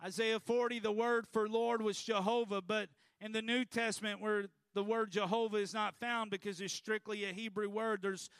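High, gravelly-voiced preacher man. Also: little pitch movement, moderate pace, hardly any pauses, fairly bright tone, no echo. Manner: emphatic preaching with call-and-response prompts. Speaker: pastor. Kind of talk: sermon.

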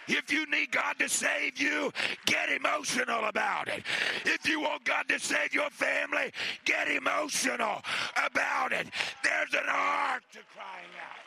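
A man preaching a Pentecostal sermon, moving from quiet, halting talk to shouted, impassioned calls. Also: very high voice, creaky, some chatter behind, slight background noise. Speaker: pastor.

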